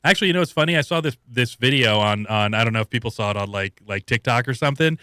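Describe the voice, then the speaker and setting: A man's voice: medium pitch, lively intonation, fast talker, pushed and bright, clear, resonant tone, no echo, studio quality. A man co-hosting a casual podcast, rambling through stories with swearing and frequent laughs. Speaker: podcast co-host. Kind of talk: casual chat reacting to news clips.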